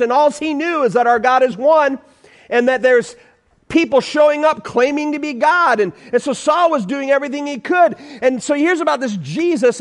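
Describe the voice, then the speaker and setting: Pastor guy preaching in church, high voice that swings all over, keeps repeating lines for the crowd. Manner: emphatic preaching with repeated phrases and call-and-response. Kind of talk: sermon.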